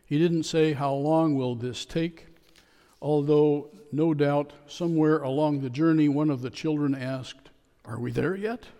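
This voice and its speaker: A man preaching a sermon as a pastor, telling a story with a joke in a calm, measured way. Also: a little high. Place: church sanctuary. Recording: long church reverb.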